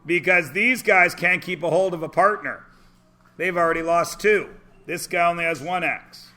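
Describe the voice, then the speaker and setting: A man's voice: high-pitched, moderate pace, bright, forceful tone. A man teaching a math class, joking and punning, quizzing students with call-and-response. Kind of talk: classroom lecture.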